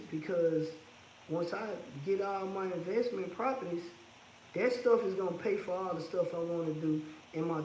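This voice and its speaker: A man's voice: a little high, darkish tone, echoey room, a little hiss or hum, poor audio. A man hosting a casual phone livestream, talking candidly and reading out viewer comments. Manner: laid-back, candid, reads out viewer comments. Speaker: livestream host.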